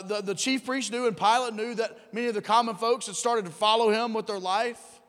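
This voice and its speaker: A man preaching a sermon, acting out voices, swinging from loud bursts to hushed drops. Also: sits high, long reverb tail. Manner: animated, acts out crowd and Pilate, rising and dropping to near whisper. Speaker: pastor.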